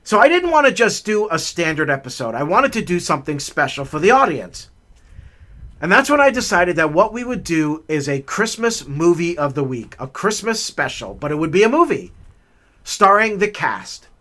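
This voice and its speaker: A middle-aged man hosting a hiking vlog, telling a long personal story in a chatty, animated way while out on a forest trail. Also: high-pitched, moderate pace. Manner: animated, chatty, raises his voice for acted-out quotes. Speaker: vlog host.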